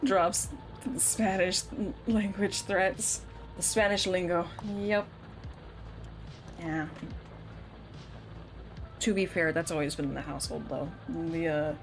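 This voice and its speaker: Speaking slowly in a lowish, fairly even voice with long pauses, a young woman chats her way through a game stream as faint music plays. She's playful, laughs a lot, and tosses out teasing mock threats.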